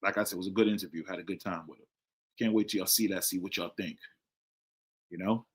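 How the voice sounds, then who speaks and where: A man's voice: deep voice, fairly even intonation, fast talker, breathy edge. A man hosting a casual livestream Q&A, talking loosely to chat viewers by name and repeating himself. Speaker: livestream host answering chat questions. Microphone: desk microphone, sometimes leaning away from it.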